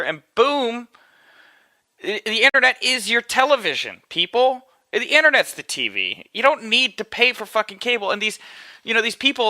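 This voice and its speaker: A man's voice: on the high side, no room sound. A young man hosting his own show alone from his apartment, ranting profanely about a phone call and acting out the people on the line. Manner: profane, animated, acts out phone calls in quoted voices. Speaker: podcast host. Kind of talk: casual ranting monologue.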